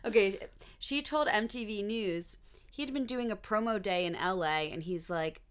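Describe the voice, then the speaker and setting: Young woman, podcast co-host, bright and clear tone, giggly, chatty banter. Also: mid-range voice, moderate pace. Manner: chatty, giggly, reads aloud from articles. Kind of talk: casual chat.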